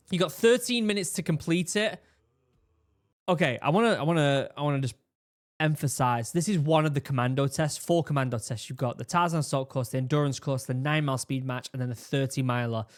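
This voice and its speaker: A man, a former marine giving casual, animated commentary while reacting to a training video, often restarting his sentences. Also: fairly high pitch, fairly quick. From England. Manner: animated, exclaiming, with repeated restarts.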